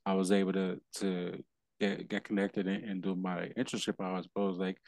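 A man hosting a podcast, telling a story in a rambling, halting way, with laughs as he vents. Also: deep voice, little pitch movement, vocal fry, a little mellow, no echo. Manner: rambling, halting restarts, laughs while venting. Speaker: podcast host. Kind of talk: casual conversation.

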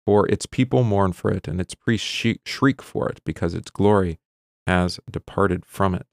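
A middle-aged pastor with a low, gravelly voice reads long scripture passages, his emphasis climbing on the pleading lines. Between readings he explains in loose asides with ums and quick restarts. The sound is dry and close, with no room behind him. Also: no echo. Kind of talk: bible reading and teaching.

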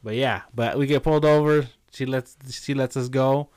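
Dude on a podcast telling a wild story, cussing a lot, tosses in spanish words, mid voice. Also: male voice, medium pitch, normal speed, clear, resonant tone. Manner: animated, profane, mixes in Spanish slang. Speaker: podcast host. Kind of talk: casual storytelling chat.

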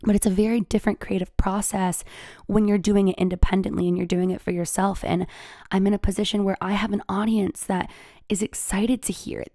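A young woman YouTuber telling a personal story to camera, candid and lively, laughing often and sometimes dropping to a whisper. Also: mid-range voice, dry recording, studio quality.

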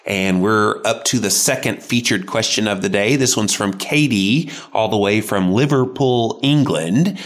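A man's voice: fairly low pitch, a little slow, hardly any pauses. A man hosting a podcast, reading out listener questions and joking with his co-host. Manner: reads listener questions aloud, jokey. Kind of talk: casual podcast chat.

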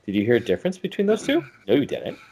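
A man's voice: medium pitch, wildly swooping pitch, very fast, darkish tone, slightly rough. A man co-hosting a podcast in casual chat, rambling with many restarts and self-corrections. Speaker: podcast co-host.

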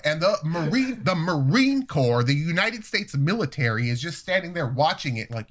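A young man in a casual chat, telling a long story in a rambling, profane, animated way. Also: a little high, normal speed. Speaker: storyteller guest.

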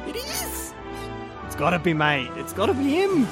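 A man's voice: extremely high pitch, huge pitch swings, normal speed, music in the background, heavily acted. Man doing a swearing Aussie podcast bloke. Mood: blustering. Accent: put-on Australian. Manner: swearing, rambling, lots of "mate". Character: crude blokey Australian podcast host man.

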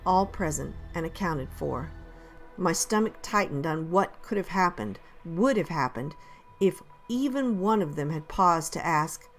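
Low-voiced woman narrating an audiobook. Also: expressive, unhurried, faint music behind. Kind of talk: first-person audiobook narration.

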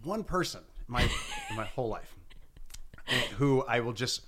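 A man chatting casually on a podcast, rambling with halting restarts and lots of fillers. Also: medium pitch, very animated, a bit bright. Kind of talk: casual comedic chat.

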